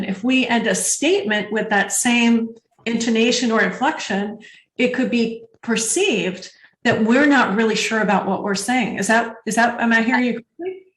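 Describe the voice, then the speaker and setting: A woman hosting an interview, encouraging her guest and summing up her points. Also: on the high side. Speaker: host. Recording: echoey room.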